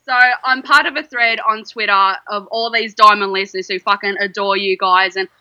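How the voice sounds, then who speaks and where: A performer playing a crude, excitable Australian woman calling into a show, with an Australian accent. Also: mid-range voice, normal speed, no room sound, muffled recording. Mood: brash. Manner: crude, swearing, giggly.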